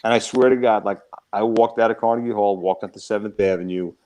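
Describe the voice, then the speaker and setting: A man, a comedy club owner, telling a lively story in casual chat and acting out the other voices. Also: on the low side, fast, poor audio. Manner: animated, acts out quoted voices.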